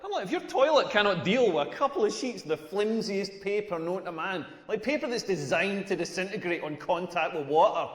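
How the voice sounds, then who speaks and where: A man's voice: sits high, lively intonation, brisk, few pauses, fairly bright tone. A Scottish man doing a crude, self-deprecating stand-up comedy set on a club stage. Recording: echoey room with long reverb.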